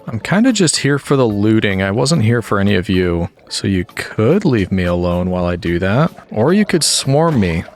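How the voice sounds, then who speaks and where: A man giving relaxed, chatty gameplay commentary, thinking aloud as he plays. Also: fairly low pitch, normal speed, hardly any pauses. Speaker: gaming YouTuber.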